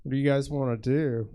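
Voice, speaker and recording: A man headlining a stand-up show on a theater stage, working the crowd in a halting way and asking the audience questions. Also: mid-range voice, mellow.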